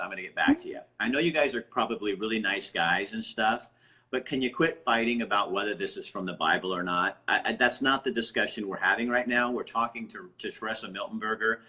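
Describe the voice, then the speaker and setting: A man hosts a live-streamed interview over a video call. His voice sits low yet sounds bright and forceful. He talks bluntly and doesn't hesitate to scold the viewers typing in the chat. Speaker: host of a live online interview.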